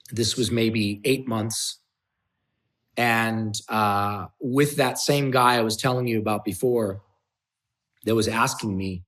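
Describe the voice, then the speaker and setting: A man telling a raw personal story as an interview guest, intense and profane, hammering points through repetition. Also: mid-range voice.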